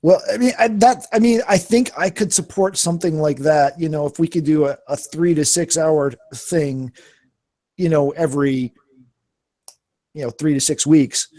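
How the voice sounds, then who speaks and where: A man's voice: on the high side, fairly even intonation, normal speed, dark tone. A man co-hosting a gaming podcast, speaking hesitantly with frequent restarts in casual chat. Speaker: podcast co-host.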